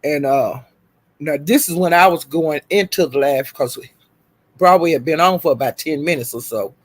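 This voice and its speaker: A man's voice: a little high, moderate pace, no echo. A man livestreaming, telling gossip in a casual chatty way, laughing often and calling out "child" and "honey".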